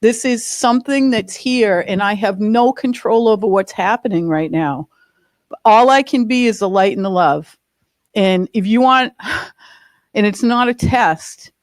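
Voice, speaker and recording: A woman's voice: medium pitch, no room sound. A woman sharing a personal story in a spiritual group, emphatic and earnest. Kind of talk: personal testimony.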